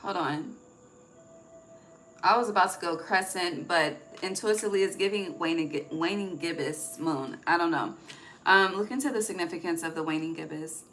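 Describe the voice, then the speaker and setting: A woman reads tarot in a loose, chatty way, cursing casually and checking in with her listeners. Her voice is bright and forward. It is recorded on a phone with a faint hiss underneath. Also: on the low side, normal speed, rough recording. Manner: chatty, profane, asks "okay?" often. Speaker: tarot reader. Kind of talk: casual intuitive tarot reading.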